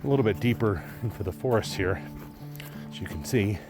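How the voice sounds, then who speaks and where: A man vlogging while hiking through deep snow in a mountain forest, out of breath and panting between remarks. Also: brisk, over music. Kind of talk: casual trail commentary. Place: snowy mountain forest outdoors.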